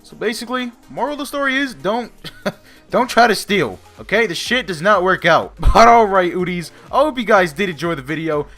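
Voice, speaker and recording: A young man vlogger telling a casual storytime, animated, profane and mocking himself. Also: high voice, moderate pace, faint music behind.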